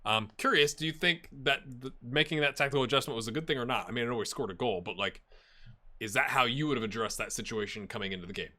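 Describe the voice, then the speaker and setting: A man giving a let's-play commentary on a football management game, getting excited and chatting to his virtual players. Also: medium pitch, fast talker.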